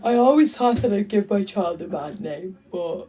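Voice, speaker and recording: A woman's voice: medium pitch, lively intonation, normal speed, few pauses, warm tone, distant mic, rough recording. A woman with an Irish accent chatting casually on a phone livestream, blunt and swearing freely. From Ireland. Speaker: livestream host. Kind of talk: casual livestream chat reading comments.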